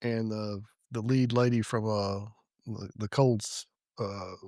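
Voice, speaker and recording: A middle-aged man, a retired police sergeant telling stories in a casual podcast chat, profane and animated. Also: lowish voice, slow, no echo, clean studio sound.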